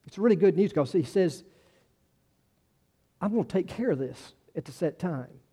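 A man's voice: high-pitched, expressive, moderate pace, warm tone, slightly rough. A man preaching a sermon in a conversational way, often trailing off and restarting, then rising for emphasis. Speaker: pastor.

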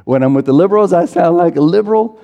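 A man's voice: sits high, animated, fast, gravelly, warm tone, lo-fi sound. A man preaching a sermon in a conversational way, acting out people's inner voices as he goes. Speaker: pastor. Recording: reverberant hall.

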